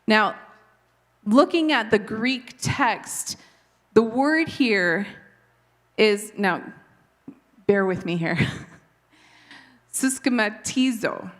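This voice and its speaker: A woman in her thirties from Canada, with a light Canadian accent, giving an earnest, conversational devotional Bible teaching. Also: a little high. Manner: earnest, conversational, occasional laughs at herself.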